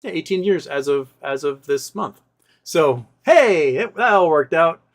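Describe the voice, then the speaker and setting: A man's voice: a little high, measured pace. Rambling man telling a personal story. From Seattle area. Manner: rambling, animated retelling with quoted voices. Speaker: host. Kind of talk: casual storytelling.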